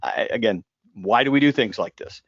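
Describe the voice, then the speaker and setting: A man's voice: fairly low pitch, animated, moderate pace, a bit bright, dry recording, muffled recording. A man hosting a casual live discussion, talking in a joking, rambling way full of asides and restarts. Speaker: host.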